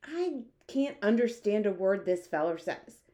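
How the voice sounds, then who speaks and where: A woman's voice: mid-range voice, expressive, a little fast, pitched above the performer's own voice, lightly acted. A woman voicing a blustering, impatient male army chief. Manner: bluff, impatient, loud.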